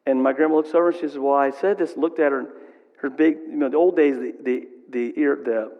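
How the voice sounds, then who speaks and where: A man's voice: mid-range voice, fairly even intonation, fast talker, in a large hall, lo-fi sound. A middle-aged man preaching a sermon in a church, conversational and asking the congregation "right?" often. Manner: conversational, asks the crowd "right?". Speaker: pastor.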